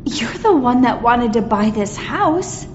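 A woman's voice: on the high side, sing-song, takes it slowly. A woman playing a weary, defensive wife. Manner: pleading, defensive. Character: tired wife and mother asking for errands. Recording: muffled roomy sound with clear background noise.

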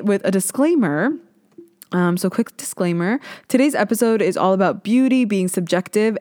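A woman's voice: mid-range voice, a little mellow, no echo, clean studio sound. A young woman from Ontario hosting her own podcast, chatting candidly and mocking herself, with the odd swear word. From Ontario, Canada. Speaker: podcast host. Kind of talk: casual solo podcast chat.

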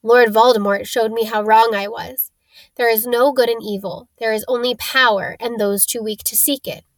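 A woman reading a cold, scheming male wizard teacher in an audiobook, calm and dismissive in manner. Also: on the high side, moderate pace, no room sound, close to an everyday voice.

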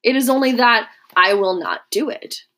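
A woman's voice: fairly high pitch, normal speed, pushed and bright. A woman reading the part of an honest young male slave who speaks plainly and levelly. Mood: firm. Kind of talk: audiobook character reading.

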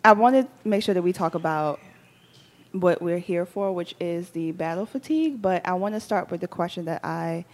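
A woman hosting a casual talk show from a studio, chatty and quick to laugh. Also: fairly low pitch. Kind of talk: casual chat.

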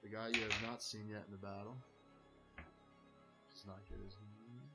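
A man's voice: fairly low pitch, flat delivery, moderate pace, over loud music. Laid-back man running a tabletop game. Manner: casual, laid-back narration with fillers. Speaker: game master.

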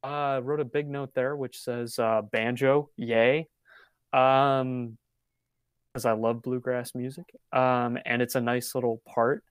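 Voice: mid-range voice, level tone, a little slow, clear, resonant tone, dry recording, studio quality. A podcast co-host in casual chat, hesitant with many fillers and often breaking into laughter. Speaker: podcast co-host reviewing an album.

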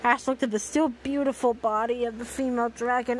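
A woman's voice: fairly high pitch, steady tone, brisk, hardly any pauses, slight background noise, rough recording. A woman reading a story aloud as host, breaking off for dry, sarcastic commentary.

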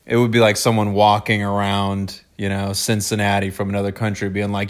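A man's voice: on the low side, monotone, brisk, hardly any pauses. A young man hosting a podcast, chatting casually and telling jokey stories with playful put-on voices. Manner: jokey storyteller, slips into silly voices. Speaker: podcast host. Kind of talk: casual chat.

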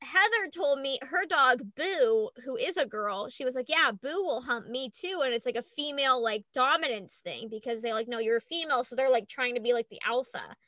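Young woman, casual chat, animated storyteller, bright tone, high voice. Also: moderate pace, hardly any pauses, no echo, clean studio sound. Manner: animated storytelling, acts out voices, laughs a lot, swears.

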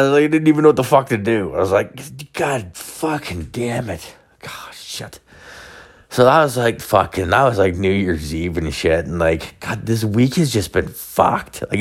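A man telling a profane, rambling confessional story full of filler words. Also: deep voice.

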